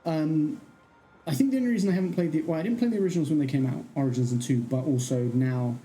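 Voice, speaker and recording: A streamer chatting casually on a livestream, rambling and thinking out loud. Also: medium pitch, quick pace, soft background music, low-quality recording.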